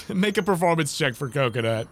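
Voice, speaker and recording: A man playing game master in casual table play, playful and quick to laugh. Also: a little high, animated, over music.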